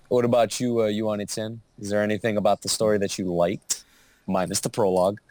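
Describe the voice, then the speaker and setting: A man's voice: lowish voice, level tone, fairly quick, darkish tone, no room sound. A man co-hosting a casual podcast chat, joking, swearing freely and laughing often. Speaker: podcast co-host.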